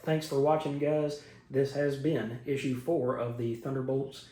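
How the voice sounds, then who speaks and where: A man hosts his own comics video channel and walks through an issue in a casual, chatty way, dropping in plenty of fillers. His voice is warm and mellow. The sound is roomy, with noticeable echo. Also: medium pitch, flat delivery, measured pace. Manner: conversational, frequent "you know" fillers. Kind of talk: casual comic book recap. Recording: echoey room.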